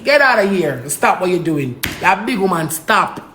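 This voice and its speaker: A woman's voice: on the low side, sing-song, normal speed, a bit bright, slight background noise. Jamaican woman ranting on a livestream. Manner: repetitive, pleading and scolding in patois. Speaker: social media live streamer. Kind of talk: heated livestream rant.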